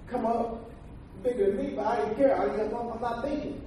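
A man with a very high, warm voice speaks briskly, recounting his own experiences as a sermon testimony full of emphatic, folksy preaching asides. The recording is far off in a strongly echoing hall, with faint noise.

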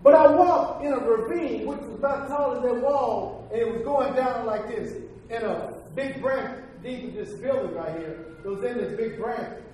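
A man with a very high, slightly mellow voice gives a testimony of his own life within a sermon, speaking emphatically and folksily with asides of preaching. He sounds far away in a very reverberant hall, with faint noise present.

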